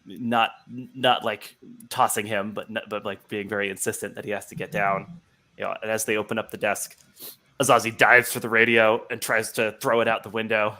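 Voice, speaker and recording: A man's voice: lowish voice, little pitch movement, moderate pace, bright, forceful tone. A man narrating as game master over a video call, rambling with lots of fillers. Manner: rambling, heavy with fillers like "like" and "you know".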